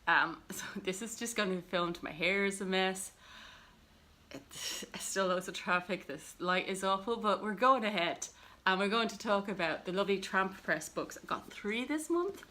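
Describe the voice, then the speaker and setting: A woman's voice: medium pitch, normal speed, bright, forceful tone. A woman talking casually to camera about her books, rambling and self-deprecating with plenty of fillers. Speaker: book vlogger.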